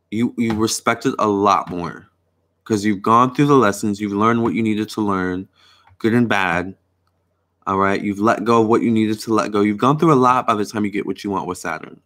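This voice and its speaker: A man's voice: lowish voice, a bit bright. Chatty man hosting a tarot live stream. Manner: chatty, reads viewer comments aloud, repeats "all right" and "you guys". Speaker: tarot reader and astrologer host. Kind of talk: casual live stream chat.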